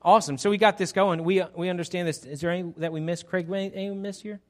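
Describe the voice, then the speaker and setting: An energetic male pastor leading an interactive sermon. His voice sits slightly high. He talks in a chatty way and often restarts his sentences. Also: quick pace.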